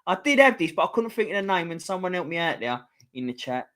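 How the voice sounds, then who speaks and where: A man's voice: a little high, very animated, quick pace, a bit bright. A man with a London accent, hosting a casual live-stream quiz, chatty and teasing, swearing freely. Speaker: host reading a quiz to a live chat.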